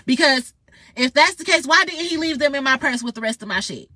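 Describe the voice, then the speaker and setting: A woman's voice: sits high, expressive, fairly quick, sharp tone, no room sound. A woman ranting in a heated, profane, confrontational monologue straight to her viewers. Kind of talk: angry monologue vlog.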